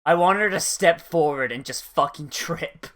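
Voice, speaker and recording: Snarky anime reaction youtuber, swears constantly, bright edgy tone, rambles and restarts. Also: medium pitch, moderate pace. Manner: sarcastic, swears a lot, trails off and restarts. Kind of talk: casual profane commentary.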